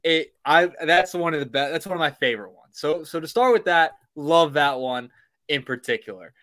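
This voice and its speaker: A man's voice: a little high, expressive, fairly bright tone. Young man, casual podcast co-host, playful, stop-start delivery. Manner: playful, halting, many restarts. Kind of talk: casual sports podcast chat.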